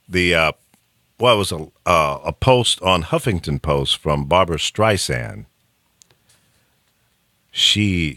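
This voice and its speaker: A man hosting a radio talk show in casual, opinionated chat, emphatic and quick to laugh. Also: rumbling low, no echo, clean studio sound. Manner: animated, emphatic, laughs often. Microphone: studio mic.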